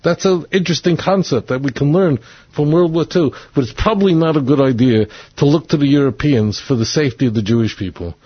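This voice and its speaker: Male commentator, husky voice, blunt and repetitive, dry lo-fi recording. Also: fairly high pitch, fairly quick. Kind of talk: opinionated monologue.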